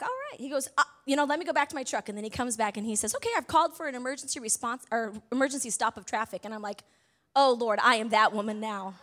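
Woman pastor, bright and forward tone, chatty storyteller sermon. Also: high-pitched. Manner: animated storyteller, chatty asides to the congregation. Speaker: preacher.

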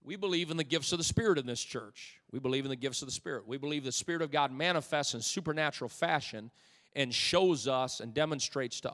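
A male pastor preaching a sermon in a church, building to loud, fervent peaks and dropping in humorous asides to the congregation. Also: a little high. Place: church sanctuary. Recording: long reverb of a church hall.

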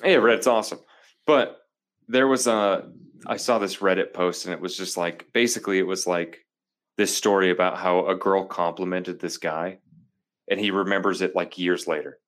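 A young man co-hosting a podcast, chatting casually and excitedly, full of "dude". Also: deep voice, moderate pace. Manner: animated, keeps saying dude. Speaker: podcast co-host. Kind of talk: casual comedic chat.

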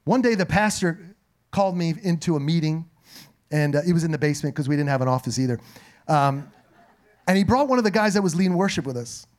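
A middle-aged man preaches a sermon in a high, slightly raspy voice. He tells stories in a loose, conversational way, full of playful asides to the congregation. His pitch sits noticeably above most men's. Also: quick pace. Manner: conversational, humorous, animated asides. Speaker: pastor. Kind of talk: sermon with storytelling.

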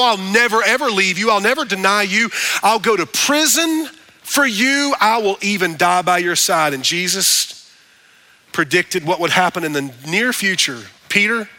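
A man preaching a radio sermon as pastor, animated, rising up on his points of emphasis. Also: high voice.

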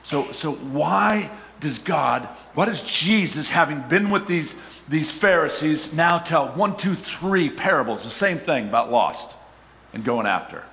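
A middle-aged man preaching a sermon as a pastor, talking conversationally and rising to shouts for emphasis. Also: fairly high pitch, lively intonation, measured pace, gravelly. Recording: hall reverb, faint ambience.

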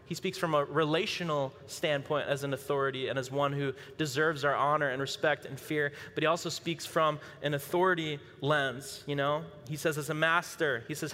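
Bright-voiced preacher in a reverberant hall. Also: male voice, fairly high pitch, fairly even intonation, moderate pace. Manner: conversational preaching with casual asides. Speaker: pastor. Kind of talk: sermon. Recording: long reverb of a large hall.

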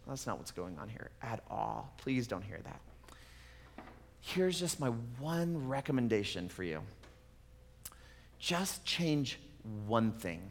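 A man's voice: mid-range voice, sing-song, slow, gravelly, pauses often. Male pastor's sermon, chatty asides, reverberant church hall. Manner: conversational, with casual asides and fillers.

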